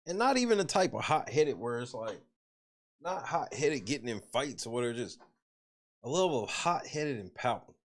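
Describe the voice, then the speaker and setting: A man holds forth on a casual podcast in a loose, profane rant. His pitch swings widely as he talks, rising and dropping with his points, and he breaks into laughter between them. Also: big pitch swings, normal speed. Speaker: podcast host.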